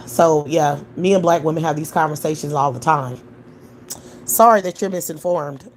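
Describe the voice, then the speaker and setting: A woman's voice: sits low, moderate pace, a little hiss or hum. A young adult woman hosting a live stream, answering chat in a profane, scornful rant with mocking laughter. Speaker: livestream host.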